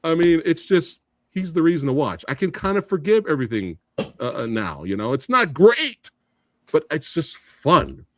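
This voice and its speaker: A man's voice: fairly high pitch, sing-song, normal speed, fairly bright tone, dry recording, clean studio sound. A middle-aged man co-hosting a casual movie debate, laughing often and quoting lines. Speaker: podcast co-host.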